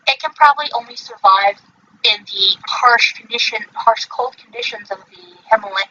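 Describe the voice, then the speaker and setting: A woman's voice: on the high side, moderate pace, sharp tone, lo-fi sound, slight background noise. A woman hosting a podcast in casual chat, rambling with many fillers and self-corrections. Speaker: podcast host.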